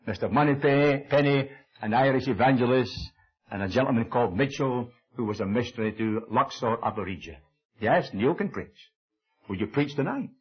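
An older Scottish man preaches, weaving a story into his sermon with lively, swooping pitch. His voice is husky. The recording is dull and lo-fi. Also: moderate pace. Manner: animated storytelling, acting out dialogue with shifting pitch.

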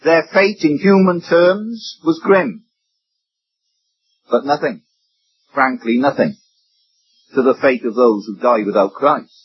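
A man's voice: mid-range voice, slow pace, pauses often, breathy edge. A man preaching a sermon, emphatic, his voice rising and dropping sharply for effect. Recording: dull lo-fi recording.

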